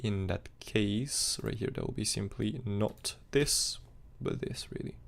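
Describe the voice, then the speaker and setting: Fast-talking gravelly male crypto streamer. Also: on the low side. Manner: fast, rambling, non-native phrasing with fillers. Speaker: crypto chart analyst streamer. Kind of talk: live-stream technical analysis chat.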